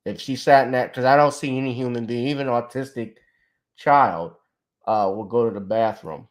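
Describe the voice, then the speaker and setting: Man, talk show host, casual commentary, profane, joking, mid pitch. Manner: joking, profane, laughs often.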